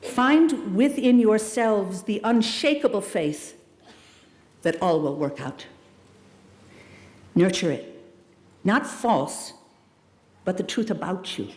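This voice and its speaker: A woman's voice: medium pitch, slow, pauses often. Emphatic woman speaking in an echoing hall. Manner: warm, emphatic, addresses graduates as "loves" and "darlings"; animated, dramatic delivery with playful asides. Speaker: commencement speaker. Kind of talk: commencement speech. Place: large hall at a school ceremony. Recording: echoey hall, long reverb.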